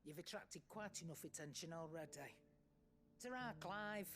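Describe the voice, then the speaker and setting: A woman's voice: on the low side, lively intonation, moderate pace, fairly bright tone, slight background noise. An actress playing a shrewd, vengeful older woman trader with a Scouse accent, speaking bluntly with dry humour. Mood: wry. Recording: game audio with faint ambience.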